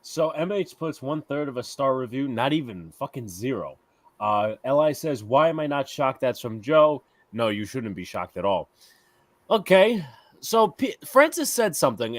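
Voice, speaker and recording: A man co-hosting a casual sports podcast, telling stories in a profane, animated way. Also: medium pitch, dry recording. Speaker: podcast host.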